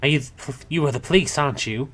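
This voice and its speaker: A man's voice: mid-range voice, fast, a bit bright, pitched above the performer's own voice, close to an everyday voice. A man voicing a flustered middle-aged woman who was once a nun, speaking in a snappish way. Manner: snappish, then hollow and blank.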